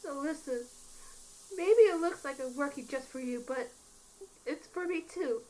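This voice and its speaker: A woman voicing a gentle, protective young man in a game playthrough, speaking with earnest reassurance. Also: high voice, measured pace, poor audio. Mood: caring.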